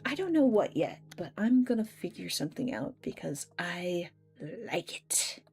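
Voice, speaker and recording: A woman's voice: big pitch swings, normal speed, gravelly, a little mellow, soft background music. A woman chatting casually while livestreaming a video game, swearing freely and reading chat messages aloud. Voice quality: medium-pitched voice she wishes were deeper. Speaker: streamer.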